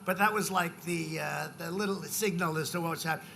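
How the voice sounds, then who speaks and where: A forceful, tense-toned man in his seventies speaks at a big political rally, his fairly high voice cutting through faint background noise. He rambles through repetitive asides to the crowd, then shouts out numbers for emphasis. The delivery is loose and off the cuff, like campaign talk at a podium microphone. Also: fairly quick, creaky. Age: 70s.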